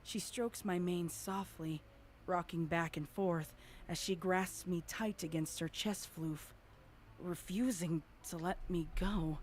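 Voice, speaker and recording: A young pony mare recounts her guilt in a halting first-person audio drama, as a woman narrates her. The voice sits low and moves slowly, with stammers between phrases.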